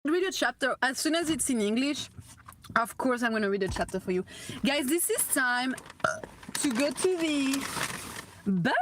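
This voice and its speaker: A woman's voice: sits high, expressive, normal speed, long pauses, a little hiss or hum. A woman streamer chatting lightly to her viewers. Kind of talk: casual chat to viewers.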